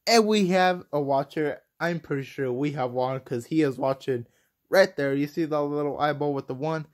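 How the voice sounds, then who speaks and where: An excitable young man talks through his gameplay in a loose, rambling way. He flips fast between confident boasting and frustrated outbursts, with plenty of fillers. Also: on the high side. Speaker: gaming commentator. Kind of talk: casual gameplay commentary.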